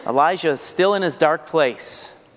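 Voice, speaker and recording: A man preaching in an earnest, fervent tone, his voice sitting a little high. A long reverb trails each phrase, as if he stands in a large church hall. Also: a little slow, fairly bright tone. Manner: earnest, rising to fervent rhetorical questions. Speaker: pastor. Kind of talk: sermon.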